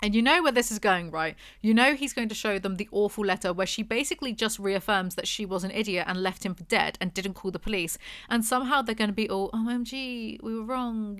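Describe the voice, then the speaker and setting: A woman's voice: mid-range voice, a bit bright, dry recording, clean studio sound. A young woman reviewing a book with snarky, exasperated, mocking commentary.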